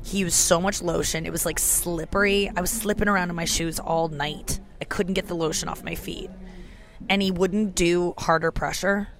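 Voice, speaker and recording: A woman's voice: fairly low pitch, fairly even intonation, moderate pace. A woman in her thirties with a sore throat, hosting a casual, candid solo podcast from an airport gate. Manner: chatty, candid and self-mocking, swears freely. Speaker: podcast host. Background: music playing faintly.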